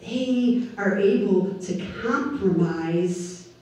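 A woman pastor delivering a sermon, preaching deliberately with emphatic rises on key words. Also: mid-range voice, darkish tone. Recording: echoey room, voice from far off the mic.

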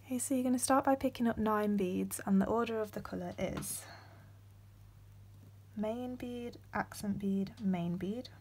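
Soft-spoken and often whispering, a young woman hosts a step-by-step beading tutorial peppered with ums. Her voice is medium in pitch and breathy at the edges, and she talks a little slowly.

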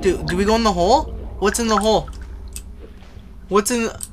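A young man livestreaming a horror game, chatting casually with viewers, joking and shouting when startled. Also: sits high, fairly quick, noisy background. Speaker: livestreaming gamer. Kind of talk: casual live gameplay commentary.

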